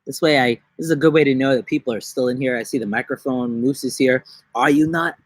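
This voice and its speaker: A young man from New York chatting on a casual live stream from his backyard, rambling and joking, with bursts of silly high-pitched voices. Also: animated, quick pace, breathy edge, no room sound. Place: outdoors in a backyard.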